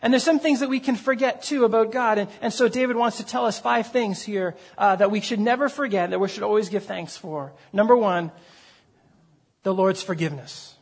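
A man's voice: high voice, brisk, breathy edge. A man preaching a sermon as pastor, earnest and conversational, with frequent fillers and repeated words.

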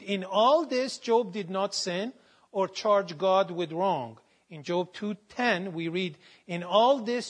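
Guy with a highish voice doing a slow bible talk, reads verses and cites chapter and verse. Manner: measured, quotes scripture verses with references. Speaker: Bible teacher. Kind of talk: slow devotional Bible teaching.

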